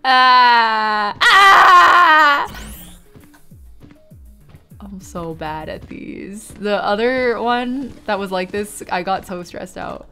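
A woman streaming a video game, chatting casually and excitably, with sudden yelps and laughter. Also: mid-range voice, slow pace, few pauses. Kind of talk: casual gaming stream commentary. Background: faint game music.

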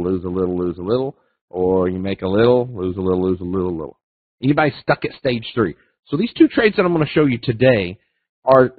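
A guest speaker with a lowish voice gives a casual, folksy trading lesson in a webinar. He repeats phrases and acts out little voices in his stories, and the recording is dry and tinny, like a phone line.

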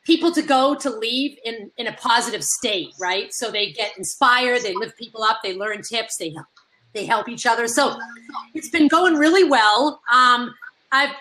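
A chatty woman talks on a video call with a high, bright voice. Her story comes out animated and casual, and her tone has a clear, forward edge. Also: normal speed, low-quality recording. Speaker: guest caller.

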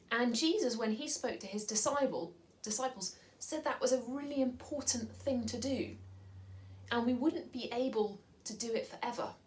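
Woman leading a school assembly, gentle and measured, slow delivery. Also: medium pitch, poor audio. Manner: slow, gentle and measured, often dropping to a soft whisper. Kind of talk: school assembly talk and storybook reading to children.

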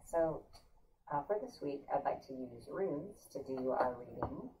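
A man's voice: medium pitch, expressive, a little slow, distant mic, background noise. A man co-hosting and explaining a rune reading in a hesitant way, with many ums and uhs. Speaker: co-host doing a rune reading. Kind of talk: casual explanation. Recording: voice heard from away from the mic.

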